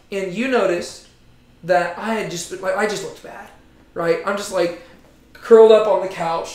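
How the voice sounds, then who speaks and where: Brief: high-pitched man leading a Bible study, chatty, lots of "like", roomy echo. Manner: animated, frequent "like" and "right?". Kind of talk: casual Bible teaching. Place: Bible study room with a group.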